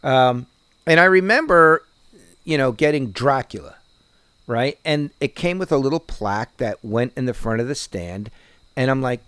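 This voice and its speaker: A podcast co-host with a New Jersey accent chats casually, rambling and swearing with many restarts. His mid-range voice is a bit bright and smooth, with lively intonation and a moderate pace, on a dry recording.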